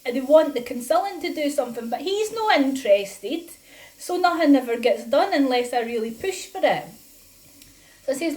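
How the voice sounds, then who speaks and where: A woman's voice: sits high, lively intonation, normal speed, darkish tone, low-quality recording. A woman speaking to camera in a personal vlog, indignant and emphatic, retelling her exchanges in quotes, a little breathless from lung disease. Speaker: patient sharing her health story.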